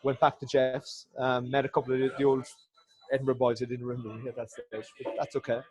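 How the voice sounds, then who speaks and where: A man's voice: mid-range voice, little pitch movement, fast, darkish tone, husky, low-quality recording. A man, a former rugby player guesting on a podcast, talking in a heartfelt, rambling way and swearing often. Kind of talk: casual chat.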